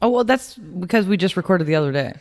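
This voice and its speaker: A woman's voice: fairly low pitch, lively intonation, fast talker, darkish tone, no room sound. A woman co-hosting a podcast in a studio room, reading the show intro and bantering with the guests. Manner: bantering, laughs often. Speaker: podcast co-host. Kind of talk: podcast intro and casual chat.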